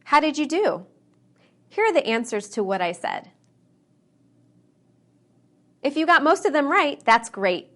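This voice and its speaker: A woman with a slightly higher voice delivers a scripted English pronunciation lesson. She reads example sentences slowly, enunciating every sound with care. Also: big pitch swings.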